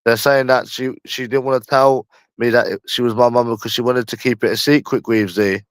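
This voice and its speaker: A man with a London accent chats on his own livestream, talking in loops and repeating lines over and over, at times stretching his words out slowly. His voice sits at a middling pitch, and the recording is close and dry with no room sound. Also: fairly even intonation, clean tone, dry recording. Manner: rambling and repetitive, often slow and drawn out, with slang and swearing. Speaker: livestream host. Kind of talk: casual livestream chat.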